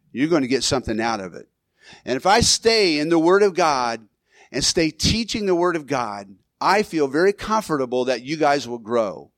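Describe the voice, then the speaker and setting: A man's voice: fairly high pitch, dry recording. A man preaching a sermon as pastor in a church, in a loose conversational way with restarts and the odd chuckle.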